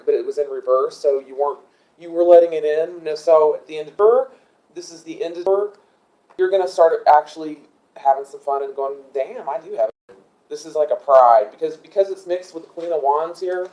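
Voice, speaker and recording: Halting man giving a tarot reading. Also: a little high, warm tone, dull audio. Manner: thinks aloud, halting with many ums; asks angels for guidance mid-reading. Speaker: tarot reader.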